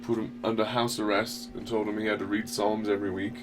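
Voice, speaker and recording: A man's voice: on the low side, level tone, quick pace, over music. Rambling casual man hosting a show. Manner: rambling, loose, swears casually. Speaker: podcast host. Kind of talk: casual talk radio chat.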